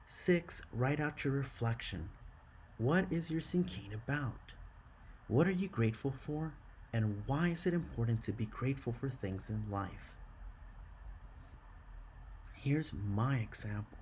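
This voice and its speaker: A man teaching a classroom lesson, slow and encouraging, counting syllables aloud. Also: medium pitch, expressive, darkish tone, a little hiss or hum.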